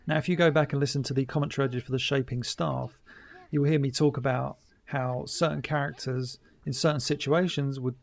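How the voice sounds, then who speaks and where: A man's voice: mid-range voice, steady tone, brisk, creaky. A middle-aged man giving a casual, chatty commentary over an old cartoon, wry and mock-dismissive. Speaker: commentary host.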